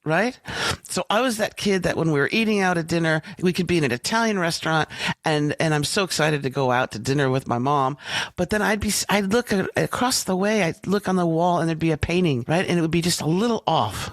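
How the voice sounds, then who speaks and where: A woman in her sixties, a branding coach, guest on a podcast, telling personal stories in an animated way with wide swings in pitch. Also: fairly quick, no room sound, clean studio sound. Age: 60s. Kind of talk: conversational storytelling interview.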